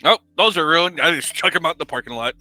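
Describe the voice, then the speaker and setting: Playful player with a bright, lively voice. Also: mid-range voice, fast, dry recording, faint music behind. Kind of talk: casual tabletop game chat.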